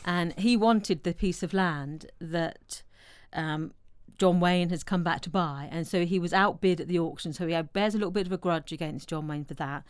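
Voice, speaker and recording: Smooth-voiced woman retelling a film. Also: fairly low pitch, normal speed, hardly any pauses, no echo, studio quality. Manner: animated storytelling, acts out quotes. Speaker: podcast co-host. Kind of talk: casual film discussion.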